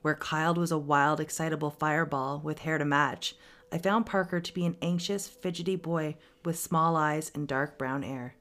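A woman podcast host reading a story aloud with steady, expressive narration. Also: sits low, moderate pace.

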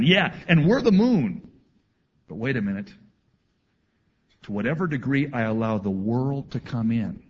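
A man preaching a sermon to his congregation, reading scripture aloud and adding animated asides. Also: fairly low pitch, husky, muffled recording. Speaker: pastor.

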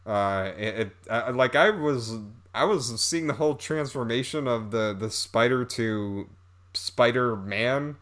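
A man's voice: medium pitch, measured pace, fairly bright tone. A man reviewing a movie in a casual, rambling, sarcastic way, stopping to laugh at it.

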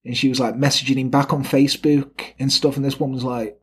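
A man's voice: mid-range voice, flat delivery, brisk, hardly any pauses, breathy edge. A man casually tells a true crime story on a podcast, swearing a lot and acting out what the people in it said. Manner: swears often, acts out quotes of the people in the story.

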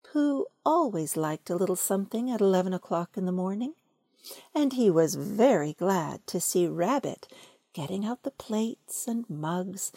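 A woman reading a children's story aloud, gentle and expressive. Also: mid-range voice, a little slow, no echo. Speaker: storybook reader.

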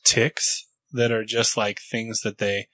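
A man's voice: fairly low pitch, little pitch movement, slow, pushed and bright, no room sound. A man co-hosting a podcast, thinking aloud in a thoughtful, hedging way during casual chat. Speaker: podcast co-host.

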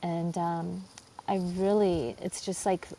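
A woman's voice: lowish voice, little pitch movement, takes it slowly, warm tone, a little hiss or hum. A woman psychologist talking as a podcast guest from her porch, effusive and heartfelt, with lots of filler words. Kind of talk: heartfelt spiritual conversation. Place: home porch.

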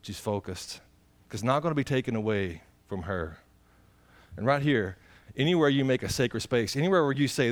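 A man's voice: medium pitch, lively intonation, moderate pace. A man, a pastor preaching a folksy, conversational sermon and putting direct questions to the congregation.

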